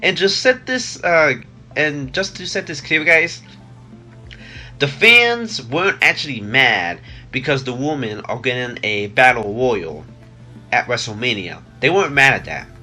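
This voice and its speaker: Young guy with a cold, stuffy nose, bright voice, rambling with lots of ums, faint music under it. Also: mid-range voice, expressive, a little slow. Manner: rambling, many fillers and restarts. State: congested from a cold. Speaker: vlogger. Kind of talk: casual rambling vlog.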